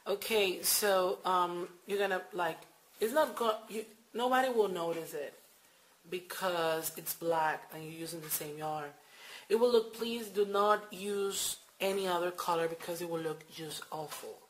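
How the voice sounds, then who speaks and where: Speaking at a measured pace in a voice on the low side, a woman demonstrates crochet steps at home at night for her tutorial. She's casual and hesitant, leaning on fillers and repeating instructions. The recording is low quality, with slight background noise.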